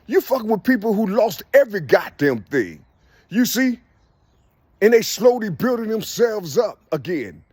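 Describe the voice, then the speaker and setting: A husky, high-voiced man preaches a rambling street monologue, his voice swooping up and down as he keeps asking "you see?" and breaks into laughter. The sound is dry and close, with no room echo. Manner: drops to a soft murmur when talking to birds.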